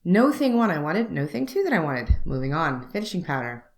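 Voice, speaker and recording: A young woman beauty vlogger telling a story to camera, wry and animated, acting out both sides of a conversation. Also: sits low, brisk.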